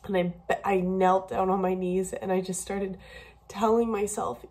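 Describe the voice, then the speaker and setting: A woman's voice: medium pitch, flat delivery, unhurried, a little mellow. A young woman talking candidly in a personal video diary, emotional and a bit rambling, tearful at times. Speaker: vlogger.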